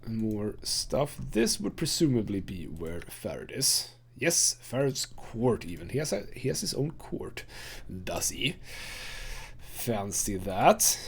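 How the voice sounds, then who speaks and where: A man's voice: on the low side, big pitch swings, slow, gravelly, slightly rough. A man hosting a let's play, casually commenting on gameplay and thinking aloud with frequent fillers.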